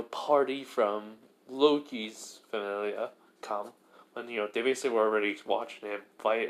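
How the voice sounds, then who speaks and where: Male storyteller, casual fan-story retelling, rambling delivery, mid-range pitch. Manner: rambling, heavy fillers and restarts.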